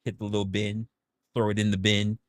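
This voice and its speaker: A young man on a livestream, telling a story to his viewers in a casual, profane, animated way and acting out quotes. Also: fairly low pitch, a little fast, no room sound, studio quality. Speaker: livestream host.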